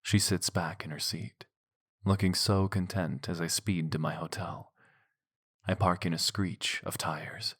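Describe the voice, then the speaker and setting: A man reads a romance novel aloud in a very low, deep voice. His delivery is intimate, dropping into soft breathy passages. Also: steady tone, a little slow. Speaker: audiobook narrator. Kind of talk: scripted narration of a romance novel.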